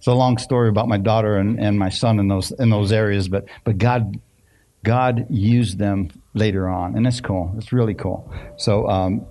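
A middle-aged pastor preaching a sermon in a conversational, storytelling way, often asking the congregation questions. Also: male voice, fairly low pitch, steady tone, normal speed, dark tone. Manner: conversational, asks the congregation questions, many restarts. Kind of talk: sermon with personal stories.

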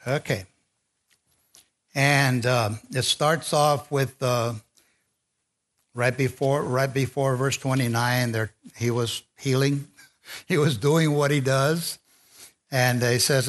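A man delivering a sermon in a mid-range voice, neither high nor low. He talks informally rather than in a formal pulpit manner, pausing and restarting his thoughts as he goes. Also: steady tone, fairly bright tone. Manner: conversational, with fillers and restarts. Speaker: preacher.

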